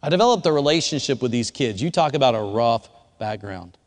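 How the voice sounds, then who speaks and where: A pastor delivering a sermon as a story, his voice sinking to near hush and then climbing to shouts. Long reverb from a church hall trails after his words. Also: mid-range voice, expressive, brisk. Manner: swings from hushed storytelling to shouted quotes. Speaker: youth pastor.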